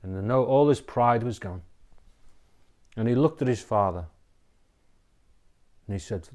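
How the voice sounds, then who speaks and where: A man's voice: medium pitch, animated, unhurried, pauses often, a little mellow. A man giving an inspirational talk, telling a personal story in an earnest, reflective way, often adding "you know" and "okay?". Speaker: inspirational speaker.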